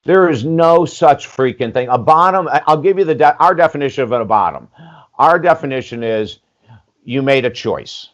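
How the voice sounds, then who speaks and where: An older man in his sixties tells a personal story in a podcast interview, his pitch sitting in an ordinary middle range. He talks candidly and animatedly, acting out the voices of people he quotes and peppering his speech with "you know." The audio is slightly dull and lo-fi. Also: normal speed. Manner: animated, acts out quoted dialogue, frequent "you know", casual swearing. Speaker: podcast guest, life coach.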